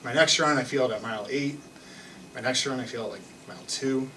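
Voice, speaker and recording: A man's voice: medium pitch, brisk, bright, forceful tone, distant mic, slight background noise, low-quality recording. A young man telling a personal story on stage in a loose, self-mocking way, full of restarts and fillers. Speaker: live storyteller. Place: theater stage with an audience.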